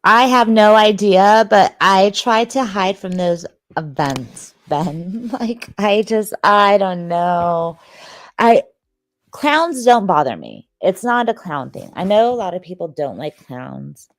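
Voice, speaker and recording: A woman's voice: mid-range voice, expressive, slow, no room sound. A sleepy woman, hosting a livestream and chatting casually with viewers, rambling and joking. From Detroit, Michigan, USA. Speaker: livestream host.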